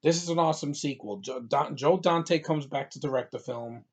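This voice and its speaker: A man's voice: on the high side, normal speed, breathy edge. A man from New York giving a casual, rambling movie review, full of fillers and restarts.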